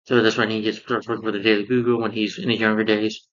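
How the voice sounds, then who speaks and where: Male reviewer, lowish voice, rambling casual recap with constant fillers, dull lo-fi home recording. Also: little pitch movement, fast, a bit bright. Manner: rambling recap full of "you know" fillers. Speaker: cartoon reviewer.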